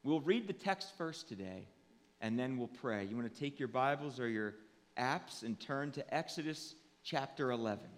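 A man preaching a sermon as pastor, earnest and deliberate, swelling to emphatic peaks and then sinking low and quiet. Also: expressive. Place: church sanctuary. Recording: long church reverb.

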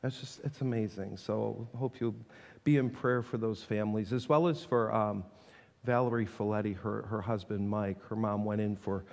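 A man's voice: fairly low pitch, creaky, darkish tone. A man in his forties preaching a conversational sermon in a church, earnest and prone to restarting his sentences. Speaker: pastor. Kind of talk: sermon with prayer. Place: church sanctuary. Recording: long hall reverb.

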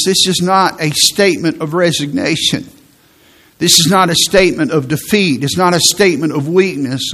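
A man's voice: high-pitched, normal speed, a bit bright. A male pastor preaching a sermon, emphatic, repeating phrases and restarting as he builds a point.

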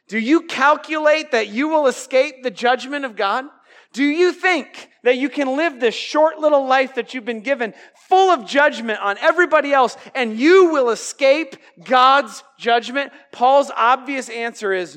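A man preaching a lively, jokey youth sermon, calling out to his listeners for amens. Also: extremely high pitch, unhurried. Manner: animated, jokey, calls for amens. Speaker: youth pastor.

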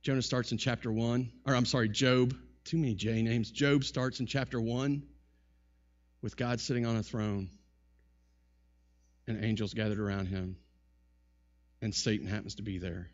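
A man's voice: medium pitch, fairly even intonation, moderate pace, pauses often, lo-fi sound. A male pastor preaching a sermon emphatically, asking many rhetorical questions and often repeating words.

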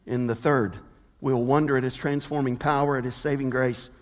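A man preaching a sermon, swinging between loud emphatic lines and low hushed ones. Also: steady tone, moderate pace. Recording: long reverb of a large hall.

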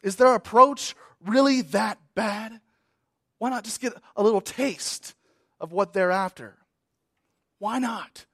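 A man preaching a sermon as pastor, repeating key words and swinging between emphatic raised passages and hushed, trailing phrases. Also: sits high, takes it slowly, slightly rough, no echo, clean studio sound.

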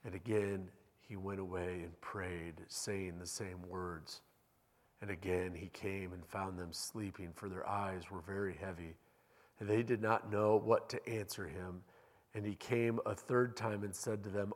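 A man preaching a sermon as pastor, speaking in a measured, deliberate way and reading scripture aloud in a church sanctuary. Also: low voice, steady tone. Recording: long reverb in a large hall.

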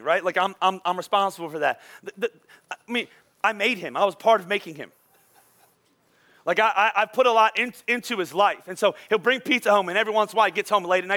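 High bright-voiced guy preaching, animated, keeps asking the crowd stuff. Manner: animated, acts out kids' outbursts; talks to the congregation, asks questions. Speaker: pastor. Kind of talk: sermon.

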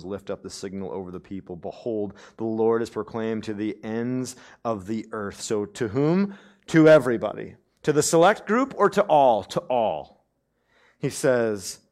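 Young guy preaching, gets loud then drops way down quiet, keeps asking "right?". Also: sits low. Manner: swings from loud emphatic passages to hushed near-whispers; conversational, with frequent "right?" asides. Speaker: pastor. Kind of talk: sermon.

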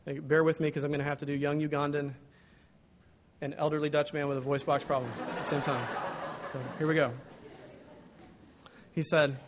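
Animated male preacher telling a story. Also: on the high side. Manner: storytelling, animated, acts out quotes. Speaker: pastor. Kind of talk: sermon.

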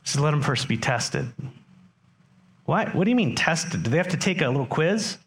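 Animated male pastor preaching. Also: a little high, normal speed. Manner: conversational, asks the congregation questions. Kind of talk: sermon.

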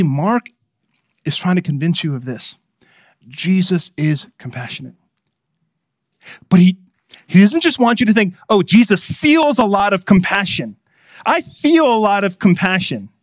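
A man preaching in a fairly high voice, earnest and pastoral, dropping to a hush and then rising with emphasis. The sound is dry and close, with little room echo. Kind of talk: sermon.

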